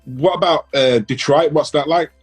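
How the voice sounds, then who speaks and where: A man co-hosting a podcast, talking in a halting, hesitant way with many pauses. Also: fairly high pitch, slightly rough, soft background music. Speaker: podcast co-host. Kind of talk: casual podcast chat.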